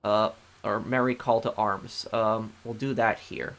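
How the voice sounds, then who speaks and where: A man's voice: on the low side, fairly even intonation, unhurried, a bit bright. A man streaming a game and chatting casually with viewers, often hesitating and restarting sentences. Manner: hesitant, many ums and restarts, answering chat. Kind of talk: casual live-stream chat.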